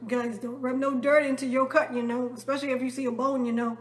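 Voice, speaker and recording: A woman's voice: sits high, little pitch movement, fast, few pauses. A woman casually telling a personal story to her viewers, rambling and tossing in constant tag questions. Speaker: vlogger.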